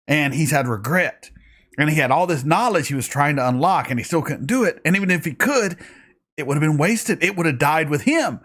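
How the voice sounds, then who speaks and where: A man hosting a reaction video, recapping an episode in a fast, rambling, excitable way while tired from a night shift. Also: a little high.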